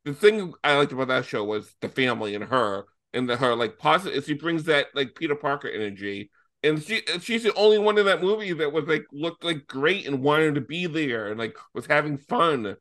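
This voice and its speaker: A man co-hosting a casual film review podcast, talking excitedly and swearing freely. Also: fairly high pitch, moderate pace. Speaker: podcast co-host.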